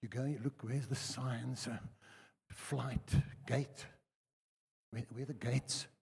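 An older South African man preaching a sermon, telling personal stories in a chatty way that swings between loud and hushed. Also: medium pitch, slow pace, creaky, breathy edge. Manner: conversational storytelling, lively swings from loud to hushed. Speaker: pastor. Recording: reverberant church hall.

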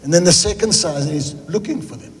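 A man's voice: fairly high pitch, fairly quick, big-room sound, background noise. A South African man preaching a sermon in a chatty, joking manner, drifting into tangents. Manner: humorous, conversational, goes off on tangents. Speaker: pastor.

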